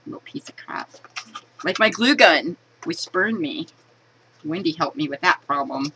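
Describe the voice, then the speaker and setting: A woman's voice: mid-range voice, expressive, takes it slowly, pauses often, noisy background. A woman chatting casually while unboxing a collectible, giggling and poking fun at herself. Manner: chatty, giggly, self-mocking.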